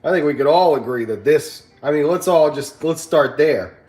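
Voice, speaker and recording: A man's voice: a little high, moderate pace, darkish tone. A man hosting a casual livestream, chatting with his viewers and telling a story with frequent laughs. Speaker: livestream host. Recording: roomy echo with faint music.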